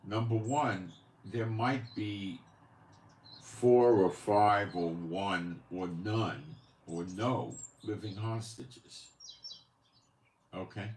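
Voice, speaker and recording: A man's voice: fairly low pitch, slow, roomy sound, slight background noise. A man hosting his own channel, giving casual spoken commentary in a rambling, conversational way with many asides and rhetorical questions. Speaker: channel host. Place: home studio in Israel.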